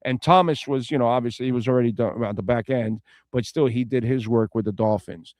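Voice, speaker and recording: A man co-hosting a sports radio show, making opinionated points with slow, stressed emphasis. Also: medium pitch, a little mellow, no echo. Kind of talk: casual sports talk.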